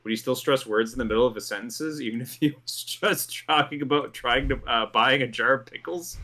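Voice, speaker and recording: Guy hosting a commentary show, bright tense voice, reads a script and keeps cracking up. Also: mid-range voice, brisk. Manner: amused, laughs through his lines. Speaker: host.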